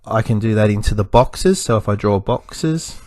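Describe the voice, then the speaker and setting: A male teacher gives a recorded spelling lesson, slowly sounding out letters and syllables. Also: fairly low pitch, animated, darkish tone, no room sound.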